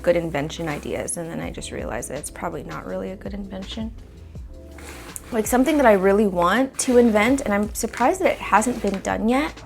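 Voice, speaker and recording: With a medium-pitched, darkish voice, a young woman vlogs casually as she repots her houseplants, recorded by a phone camera close by. Her talk is chatty and meandering, packed with fillers as she thinks out loud, with occasional dust-induced coughs.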